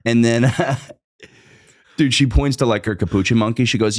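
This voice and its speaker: A man's voice: medium pitch, moderate pace. A young man, a guest comedian, telling a long story in casual podcast chat, loose and profane, with lots of filler words.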